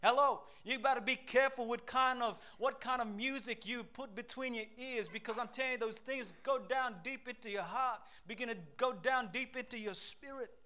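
Young man, preacher, sermon, high voice, emphatic, conversational. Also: sharp tone.

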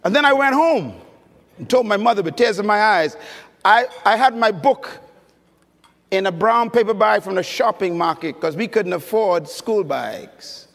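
A man with a high-pitched, creaky, fairly bright voice preaches animatedly at a moderate pace, giving an emphatic conference sermon with storytelling and questions aimed at the audience. The big conference hall produces long reverb.

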